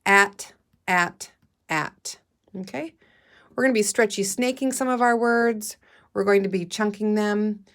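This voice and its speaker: A woman teacher leading a phonics lesson, slowly sounding out word parts and encouraging her young listeners. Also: mid-range voice, fairly bright tone. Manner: encouraging, calls listeners "friends". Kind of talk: guided reading phonics lesson.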